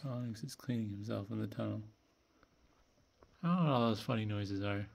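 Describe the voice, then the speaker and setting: A cat owner filming and talking to their pets in a cooing, affectionate voice with soft laughs. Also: mid-range voice, normal speed, gravelly, slight background noise. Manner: cooing, affectionate pet talk.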